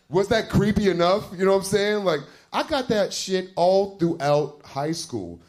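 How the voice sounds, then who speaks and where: Rich: A man hosting a live comedy night. His pitch swings widely as he jokes and hypes the crowd in animated, profane banter. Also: a little slow, hardly any pauses. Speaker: host and comedian. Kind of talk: stand-up hosting.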